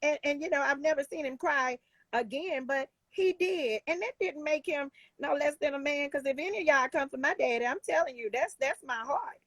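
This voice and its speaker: A woman's voice: sits high, brisk, a bit bright, no room sound. A woman life coach talking in a casual talk show, emphatic and heartfelt, with many restarts.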